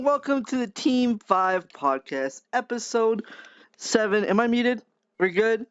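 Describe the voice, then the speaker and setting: A man hosting a casual gaming podcast, goofy and loud as he introduces his friends. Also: very high-pitched, expressive, unhurried, clear, resonant tone, no echo, dull audio. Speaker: podcast host.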